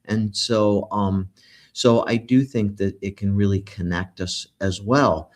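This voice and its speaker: Man, podcast host, earnest, casual talk, low-pitched. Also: steady tone, slow.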